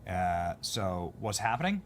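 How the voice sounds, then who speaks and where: A man hosting political commentary, jokey and animated, swinging between loud bursts and low asides. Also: measured pace, a little hiss or hum.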